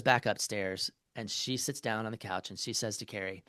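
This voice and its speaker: A marriage therapist, speaking as a podcast guest, lays out an example in a casual, rambling way full of fillers and restarts. His voice is lowish and fairly bright, with fairly even intonation at a normal pace and no room sound.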